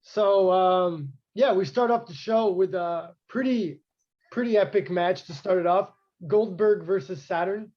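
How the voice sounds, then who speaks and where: A man talks through wrestling history in a loose, rambling way, full of "um" and "like." His voice sits high for a man. The recording sounds a little dull and lo-fi. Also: measured pace. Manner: rambling, filler-heavy, knowledgeable about wrestling history. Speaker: podcast co-host. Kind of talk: casual chat.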